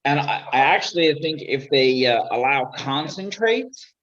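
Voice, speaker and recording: A man's voice: fairly high pitch, lively intonation, unhurried, fairly bright tone. A man chatting casually on a video call, laid-back, swearing now and then and trailing off into mumbles. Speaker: guest on a video-call chat show. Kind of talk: casual chat. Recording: dull lo-fi video call audio.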